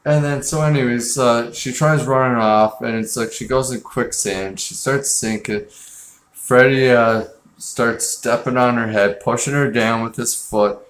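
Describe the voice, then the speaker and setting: A man's voice: mid-range voice, fairly even intonation, unhurried, a bit bright, roomy sound. A man hosting a casual film review show, talking in a rambling, blunt and profane way with lots of fillers. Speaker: film review podcast host.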